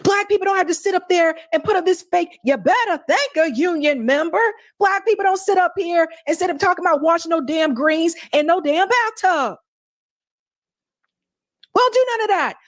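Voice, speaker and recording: A woman's voice: very high-pitched, moderate pace, dry recording. A woman hosting a live stream, reacting to clips with indignant rhetorical questions.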